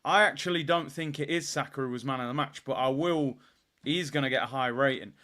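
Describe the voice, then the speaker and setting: A man's voice: medium pitch, a little fast. A man hosting a casual football live stream, reading out viewer comments and joking around. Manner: animated, jokey, bursts into loud excitement.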